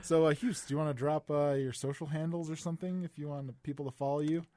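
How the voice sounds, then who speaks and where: A man's voice: fairly high pitch, fairly even intonation, quick pace, mellow, no room sound. A man co-hosting a podcast in a studio, chatting casually and teasing his guest. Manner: teasing, banter-driven. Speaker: podcast co-host.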